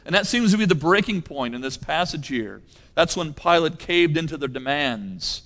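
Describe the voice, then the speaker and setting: A man preaching a sermon as pastor, emphatic, repeating key phrases and swinging between loud and hushed delivery. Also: on the high side, normal speed, long reverb tail.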